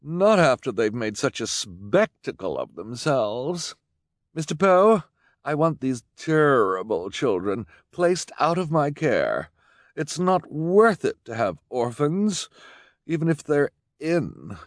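A man's voice: mid-range voice, sing-song, slow pace, no echo, clean studio sound, voice pushed up. A man doing a haughty snobbish rich woman. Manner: snappish, imperious.

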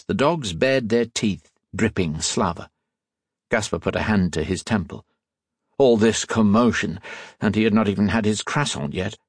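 A man narrating an audiobook in a measured, steady storytelling manner, close to the mic. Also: fairly low pitch, slightly rough, no echo. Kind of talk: scripted narration.

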